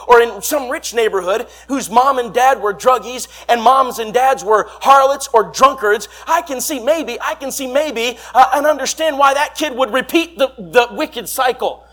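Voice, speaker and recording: A young man, preaching a fiery revival sermon and swinging between quiet asides and shouts. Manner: fiery, shouting, sweeping swings in pitch and volume. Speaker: traveling preacher.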